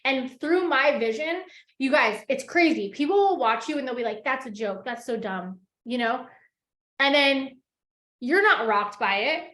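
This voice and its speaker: Fired-up high-voiced woman coaching her team. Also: lively intonation, a little slow, sharp tone, echoey room. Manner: fired-up, casual, lots of fillers like "like" and "you guys". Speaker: network marketing team leader. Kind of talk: motivational talk to her team.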